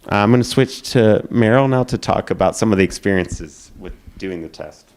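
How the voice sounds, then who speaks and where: Deep-voiced male presenter, hurried, explanatory, lots of ums. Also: a little mellow. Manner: explanatory, hurried, filler-laden. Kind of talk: conference presentation.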